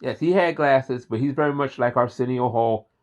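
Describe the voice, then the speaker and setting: A man talking straight to camera in a relaxed, enthusiastic vlog. He rambles and repeats himself with a mid-pitched voice. The recording is dull and lo-fi. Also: normal speed. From Philadelphia. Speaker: host. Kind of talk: casual vlog monologue.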